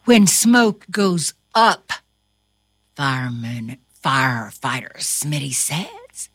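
A woman reads a children's storybook aloud, her bright voice rising and falling in wide swoops. She takes her time over every line and adds gasps and little sound effects for fun. The recording is close and dry. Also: a bass voice, breathy edge, no echo. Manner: slow, sing-song and animated, with gasps and playful sound effects. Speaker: storybook reader. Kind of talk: children's picture book read-aloud.

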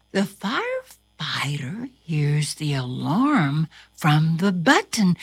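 Slow sing-song woman reading a picture book aloud. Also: low-pitched, slightly rough, no room sound, studio quality. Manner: slow, sing-song and animated, with gasps and playful sound effects. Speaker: storybook reader.

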